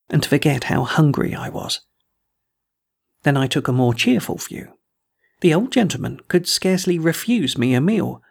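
A man narrating a first-person adventure story as an audiobook, in a measured storytelling manner. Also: on the high side, creaky, breathy edge.

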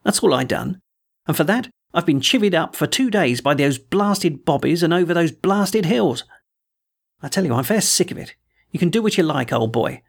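A man voicing a rough, down-on-his-luck sailor who talks in a surly, aggrieved whine. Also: fairly high pitch, animated, moderate pace. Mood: surly whining.

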